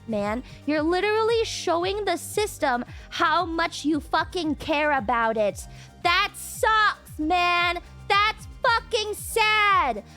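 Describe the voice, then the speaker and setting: A woman streamer with a high voice chats casually and rambles from thought to thought, swearing freely and breaking into laughs. Faint music plays quietly underneath. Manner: rambling, profane, laughs often. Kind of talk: casual live-stream chat.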